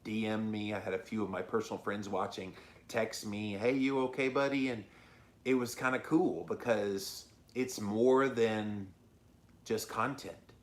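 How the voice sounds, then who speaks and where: A man with a fairly low voice talks straight to his viewers, earnest and openly emotional. He hosts his own show in a casual, confessional manner. The room around him rings with echo. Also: fairly even intonation, a little slow. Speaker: host. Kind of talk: casual talk to camera.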